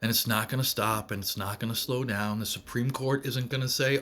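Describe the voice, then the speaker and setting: A man's voice: medium pitch, steady tone, fairly quick, few pauses, fairly bright tone, slight background noise. A man giving an earnest, emphatic political monologue to camera, repeating phrases to drive his points home. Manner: earnest, emphatic, repetitive rallying speech. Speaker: vlogger.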